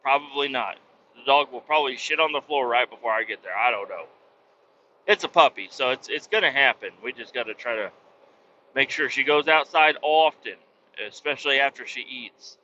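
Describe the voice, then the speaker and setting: A man's voice: mid-range voice, moderate pace, sharp tone, muffled recording, a little hiss or hum. A man telling stories in a casual, profane, rambling monologue as the host, talking from his truck. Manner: profane, blunt storytelling. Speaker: podcast host.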